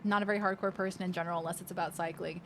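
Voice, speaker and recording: A woman streaming a game, chatting casually and reacting with animated outbursts and swearing. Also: lowish voice, very fast, soft background music. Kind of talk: casual gaming commentary.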